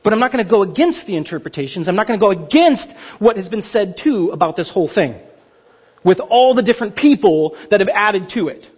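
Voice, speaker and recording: A man preaching a sermon as pastor, animated and joking, acting out voices of others. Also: sits high, a little fast, breathy edge. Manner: animated, jokey delivery with mock voices. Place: large church hall. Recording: dull sound with long hall reverb.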